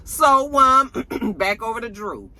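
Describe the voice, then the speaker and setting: A woman casually recapping a TV episode in an animated, colloquial way, laughing often. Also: fairly high pitch, slow pace. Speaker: TV episode reviewer.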